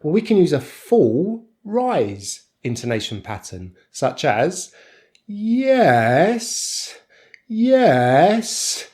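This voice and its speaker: This is a man with a British accent giving an online pronunciation lesson. His pitch sits in the middle but moves a lot, rising and falling with plenty of life. He explains clearly and deliberately, leaning into each intonation pattern. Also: big pitch swings, dark tone. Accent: British English. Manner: clear, deliberate explaining with exaggerated rises and falls. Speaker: English pronunciation teacher.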